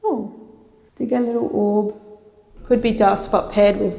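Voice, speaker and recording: A woman hosting a ghost-hunting vlog, asking slow, coaxing questions to spirits inside an old prison hallway. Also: medium pitch, creaky, dark tone. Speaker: paranormal investigator and host. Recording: echoey hall with long reverb.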